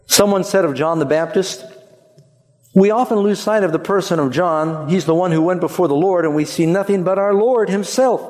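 A man preaching a sermon in an animated, conversational way, jumping up in pitch for emphasis. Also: normal speed, in a large hall.

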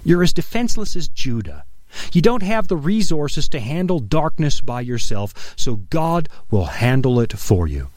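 A middle-aged man preaching an earnest, emphatic radio sermon, dropping his voice low on key phrases. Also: sing-song, moderate pace, a little mellow, no room sound. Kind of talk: broadcast sermon.

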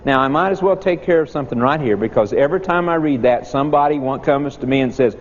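A man's voice: quick pace, hardly any pauses. A middle-aged man preaching a folksy, homespun sermon, telling a childhood story to his congregation. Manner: homespun, animated, quotes children in a high voice. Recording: muffled hall recording.

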